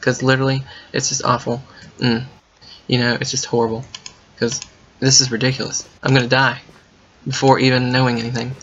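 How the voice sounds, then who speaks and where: A man commenting while playing a game, thinking out loud and breaking into excited yelps and gasps. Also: medium pitch, fairly quick, pauses often, husky. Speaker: gaming video creator. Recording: muffled lo-fi mic with faint keyboard typing.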